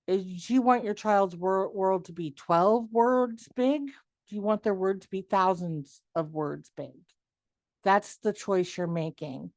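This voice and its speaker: A middle-aged woman presenting a workshop, lively and animated, acting out quoted dialogue as she explains. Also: mid-range voice, dry recording. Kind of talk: webinar presentation.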